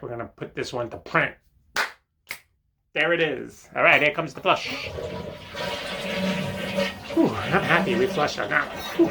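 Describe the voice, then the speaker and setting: A mid-range, creaky male voice, with background noise behind it, belongs to an older man hosting a meandering comic monologue from a bathroom toilet. He leans heavily on fillers and "right?".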